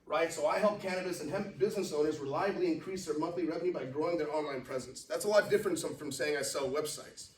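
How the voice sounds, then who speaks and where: A man's voice: fairly high pitch, quick pace, hardly any pauses, far from the mic, a little hiss or hum. Man presenting in an echoey room. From Los Angeles. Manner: conversational, keeps checking in with "right?". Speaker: company CEO presenting to a business network. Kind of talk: live business presentation. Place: meeting room. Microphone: far from the mic.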